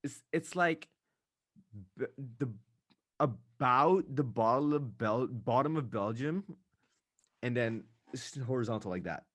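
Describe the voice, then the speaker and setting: A young man hosting a podcast in casual chat, ranting animatedly with quick asides. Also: mid-range voice, expressive, no room sound, clean studio sound. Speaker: podcast host.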